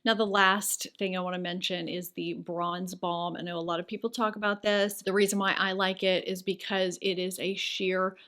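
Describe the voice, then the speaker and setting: A woman's voice: lowish voice, little pitch movement, moderate pace, hardly any pauses, fairly bright tone. A woman beauty vlogger chatting casually and enthusiastically through a product review, with rambling asides.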